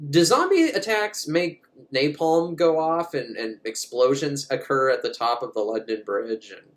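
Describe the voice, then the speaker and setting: A man's voice: medium pitch, lively intonation, unhurried. A man recapping a movie in a casual, comic way, rambling, swearing and often laughing. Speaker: movie reviewer.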